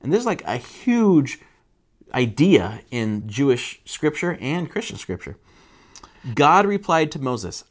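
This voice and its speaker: Lively, animated male pastor. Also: slow. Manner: animated, conversational, acts out quotes with jumps in pitch. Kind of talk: casual sermon.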